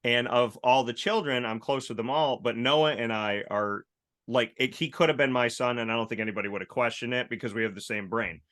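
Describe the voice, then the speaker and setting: A male talk show host with a bright, forceful voice. He chats casually and tells animated stories, acting out quoted lines as he goes. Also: mid-range voice, a little fast. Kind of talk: casual chat.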